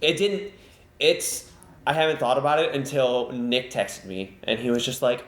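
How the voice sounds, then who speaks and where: A man at a middling pitch rambles cheerfully through a casual chat with a castmate. He laughs easily. His voice rings with a noticeably roomy echo. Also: animated, normal speed, a little hiss or hum. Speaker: cast member interviewing a castmate.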